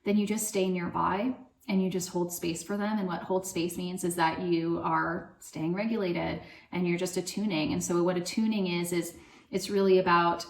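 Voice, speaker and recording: A woman's voice: on the low side, level tone, normal speed. Chatty woman in an echoey room. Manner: loose and chatty, lots of fillers. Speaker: parenting coach. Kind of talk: casual advice talk to camera.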